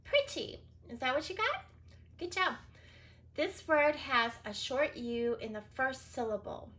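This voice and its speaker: A woman teaching a reading lesson to young children, pitched a little high and talking very slowly. She sounds out each word and spells it letter by letter. She praises often as she goes. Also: expressive, a bit bright. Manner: slow, clear, sounds out words and spells letters one by one.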